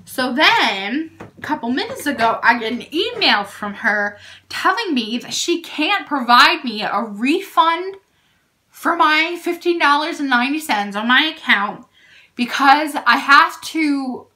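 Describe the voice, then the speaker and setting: A young woman telling a storytime vlog, indignant and animated, peppering her speech with "like". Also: high voice, measured pace. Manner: animated and indignant, heavy use of "like". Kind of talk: storytime vlog, casual retelling.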